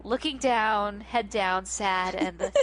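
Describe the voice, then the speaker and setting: Giggly woman retelling a cartoon. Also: medium pitch. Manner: animated, giggly storyteller who acts out scenes. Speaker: podcast co-host. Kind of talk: casual chat recapping a film.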